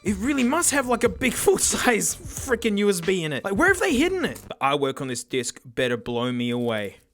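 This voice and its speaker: A man with a raspy, hoarse voice, unboxing a gadget in an excitable, mock-dramatic way. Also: sits high, a little fast. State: hoarse from yelling. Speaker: tech reviewer host. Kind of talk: casual gadget unboxing review.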